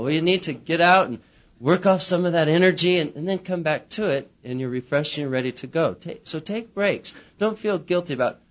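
A man's voice: fairly high pitch, fast. A man teaching pastors in a humorous, chatty lecture, acting out little quotes as he talks. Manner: chatty, animated, acts out quotes. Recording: muffled lo-fi recording.

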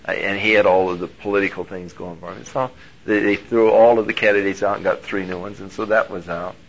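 A male pastor telling a personal story in a sermon, animated and moving between hushed and loud delivery. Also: fairly low pitch, fairly quick, creaky. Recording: dull lo-fi recording.

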